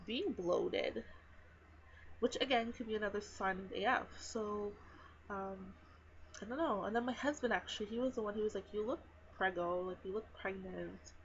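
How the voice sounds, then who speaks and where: Chatty young mom vlogging, lo-fi. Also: female voice, medium pitch, moderate pace, a little hiss or hum. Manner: chatty, rambling, lots of fillers and "like". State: nursing a baby while talking. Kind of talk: casual pregnancy vlog chat. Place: home.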